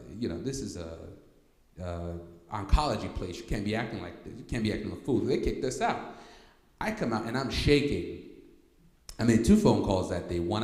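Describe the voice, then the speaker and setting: A man with a fairly low voice tells a story to a workshop audience. He is animated and keeps asking the room to follow along. The sound is roomy, with a long reverb from a church hall. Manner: animated, repeats "okay?" to check in with listeners. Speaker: workshop speaker.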